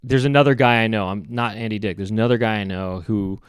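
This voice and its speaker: Man, podcast host, low voice, deadpan, rambling comic monologue, dry close sound. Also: quick pace, clean tone, no room sound. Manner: meandering, deadpan, full of self-corrections.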